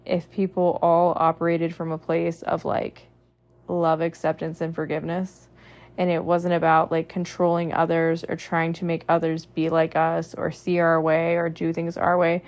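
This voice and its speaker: A woman speaking as a podcast host in an earnest, heartfelt monologue. Her voice sits fairly low and often drops into a gravelly fry. She strings long lists together and often says "like". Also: monotone, moderate pace, darkish tone. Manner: earnest, repetitive lists, frequent "like" fillers.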